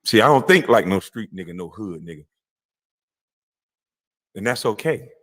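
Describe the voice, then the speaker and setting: A man's voice: on the low side, animated, moderate pace, fairly bright tone. A man ranting on a livestream, profane, mocking and confrontational, laughing scornfully between lines. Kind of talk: heated livestream rant.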